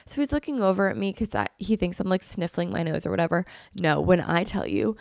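Young woman host with a cold, effusive and gushing, low gravelly voice, dry close sound. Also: very animated, fairly quick, a little mellow, dry recording. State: has a cold, sniffling. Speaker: podcast host. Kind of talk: casual chat.

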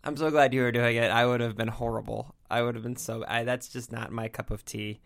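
A man's voice: medium pitch, flat delivery, brisk, vocal fry, a bit bright. A man hosting a podcast in casual chat, rambling and self-deprecating, laughing often. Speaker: podcast host.

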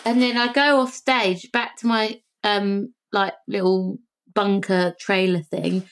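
A woman, a singer and podcast guest, telling lively stories in casual chat and acting out the voices of the people in them. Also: medium pitch, takes it slowly, smooth. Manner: animated, acts out quoted voices.

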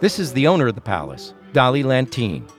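A man hosting and narrating a true-crime podcast in a measured, scripted storytelling delivery. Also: medium pitch, wildly swooping pitch, soft background music.

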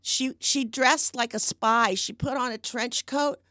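A woman's voice: a little high, fairly even intonation, measured pace, bright, forceful tone, no echo, clean studio sound. A woman in her seventies, an actress guesting on a podcast, telling stories animatedly and acting out the people she quotes. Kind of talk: storytelling in a conversation.

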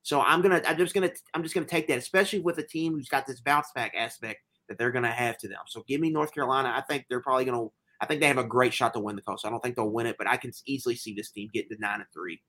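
A man's voice: mid-range voice, very fast, few pauses, pushed and bright. A man co-hosting a sports betting podcast, talking through picks in a rambling, enthusiastic way with lots of fillers. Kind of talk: casual sports betting chat.

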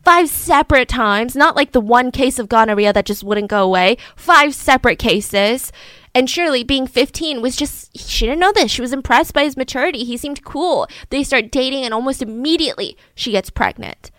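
A woman casually telling a true crime story in a chatty, animated way, acting out the quotes of the people in it. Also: high-pitched, a little fast, hardly any pauses, dry recording.

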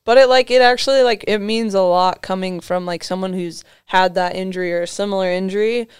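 A young woman chats as a podcast guest, her voice exceptionally smooth and clear. She rambles through stories packed with "like" fillers and breaks into laughter often. The sound is close and dry, with no room around it. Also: medium pitch, fairly even intonation, brisk, no echo. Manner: storytelling, heavy use of "like" fillers, laughs often. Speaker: podcast guest, motocross racer. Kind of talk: casual chat.

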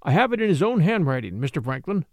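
Guy putting on a stubborn old servant, fussy and respectful, raised pitch, lots of swing in the voice. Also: big pitch swings, quick pace, a little mellow, dry recording, clean studio sound. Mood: earnest warning. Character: elderly male house steward, stubborn and loyal. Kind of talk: audiobook character reading.

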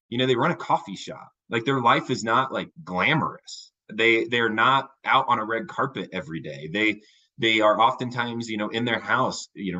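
A man co-hosting a casual podcast chat, talking in a thoughtful, measured way with frequent fillers and restarts. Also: mid-range voice, sharp tone, breathy edge, highs cut off. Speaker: podcast co-host.

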